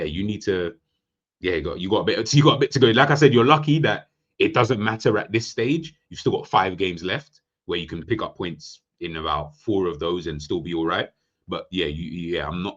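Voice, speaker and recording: Man, very low voice, lo-fi sound, casual football chat, slangy, animated. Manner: animated, slangy, joking, rambling with restarts. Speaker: football pundit. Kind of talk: casual football roundup commentary.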